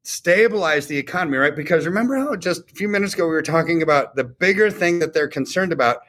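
Slightly high and fairly bright, this co-host's voice moves quickly with lively intonation. Chatting through economics on a talk show, he keeps tossing in rhetorical questions like "right?" to check in.

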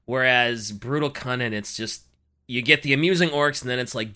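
A co-host on a casual book-discussion podcast, chatty and lively, laughing and swearing casually. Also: medium pitch, normal speed.

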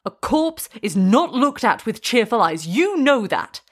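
A woman's voice: on the high side, sing-song, a little slow, voice pushed up. A woman voicing an angry, determined young man in a storybook reading, making firm, insistent demands. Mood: stern.

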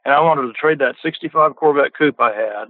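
Through a dry, tinny phone line with no room sound, an older man with a slightly high voice speaks fairly quickly. As a podcast guest, he shares car stories in a folksy, casual manner, often repeating words when starting out.

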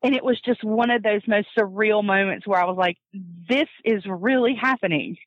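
A woman telling a personal family story in a casual, animated way, often laughing and acting out what others said. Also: medium pitch, moderate pace, no room sound. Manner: animated, laughs often, acts out quoted voices. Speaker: guest telling her adoption story. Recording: dull lo-fi dry recording.

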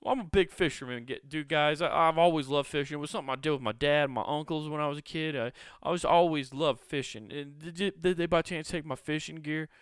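A man's voice: a little high, a little fast, few pauses, smooth, no echo, studio quality, pitched above the performer's own voice, natural voice. A man voicing a jailed man who is desperate about his lost fishing rod, whining and then screaming curses. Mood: pleading. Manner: whiny, then screaming and swearing.

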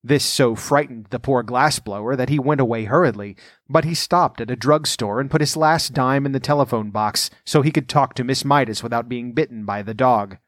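A man's voice: medium pitch, normal speed, dry recording. Man reading a storybook, dry sound. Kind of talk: storybook narration and commentary.

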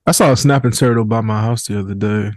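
A young man hosting a casual podcast, chatting in a relaxed way that trails off and restarts. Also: lowish voice, fast, no echo. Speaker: podcast host. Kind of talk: casual chat.

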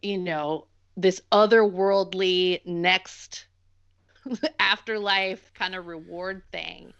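A woman's voice: on the low side, steady tone, slow, creaky, a bit bright, dry recording. Woman chatting, slightly dull lo-fi audio. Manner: talks in long run-on lists with many fillers. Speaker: podcast co-host. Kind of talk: casual film discussion. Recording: dull lo-fi sound.

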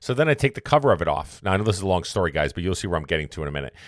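A man's voice: deep voice, very animated, rapid-fire, no echo, studio quality. A man hosting a podcast, telling a long story in a rambling, self-correcting way before turning it into a motivational point. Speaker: podcast host. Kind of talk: casual storytelling monologue.

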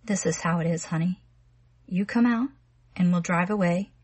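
A woman reading a menacing, smooth-talking young man who coaxes and taunts in slangy patter. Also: on the low side, a little mellow. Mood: coaxing. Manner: slangy, wheedling drawl with rapid patter.

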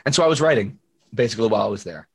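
This singer-songwriter guest, a young man, speaks very fast in a video call interview, his voice on the low side, expressive, creaky and husky. His casual, storytelling chat is full of fillers and acted-out quotes.

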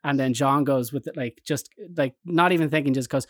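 An Irish man telling rambling anecdotes in casual chat, jumping into animated quoted voices. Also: mid-range voice, brisk, dry recording, clean studio sound. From Ireland.

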